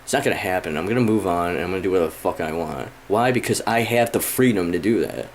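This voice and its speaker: Thirties male vlogger, low voice, rambling profane rant, faint room noise. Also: lively intonation, quick pace. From Michigan, USA. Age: 30s. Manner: frustrated, profane, rambling with many fillers. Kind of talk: casual rant to camera.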